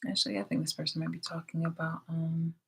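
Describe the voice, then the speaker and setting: Bright-voiced woman ranting. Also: low voice, completely flat delivery, quick pace, gravelly, slightly rough. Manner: profane, exasperated, laughing often. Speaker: vlogger. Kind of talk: casual reaction rant. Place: indoor room.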